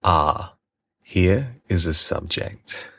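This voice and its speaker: A man voicing a proud, pompous old king in a storybook reading, issuing grand, measured decrees. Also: sits low, animated, fairly bright tone, dry recording, studio quality, heavily acted. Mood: stern.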